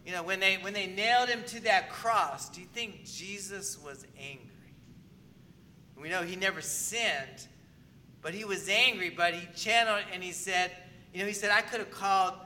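A man with a very bright, high voice preaches a sermon, talking to his congregation in a relaxed, conversational way. He keeps checking in with the listeners to see whether they follow him. A faint hiss of noise sits under the recording. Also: normal speed. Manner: conversational, asks the congregation for agreement. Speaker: pastor.

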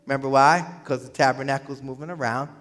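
A man preaching a sermon as pastor, animated, swinging from emphatic peaks to quiet asides. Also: mid-range voice, quick pace. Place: church hall. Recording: hall reverb.

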